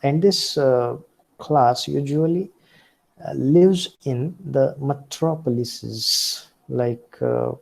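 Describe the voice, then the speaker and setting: A man giving a phonetics lecture, slow and halting with frequent fillers. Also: medium pitch, vocal fry, a little mellow, low-quality recording.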